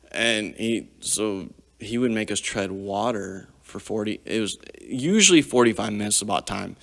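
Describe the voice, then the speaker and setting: A man's voice: fairly low pitch, measured pace, vocal fry. A man in his forties, a podcast guest, telling army stories in a profane, vivid, casual way. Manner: profane, vivid storytelling with frequent swearing. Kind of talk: casual storytelling. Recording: long hall reverb.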